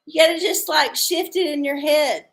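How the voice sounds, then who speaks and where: A woman hosting a tarot livestream, chatting casually with viewers in an irreverent, rambling way and joking crudely. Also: high voice. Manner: irreverent, rambling, crude jokes, chuckles often. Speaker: tarot-reading livestream host.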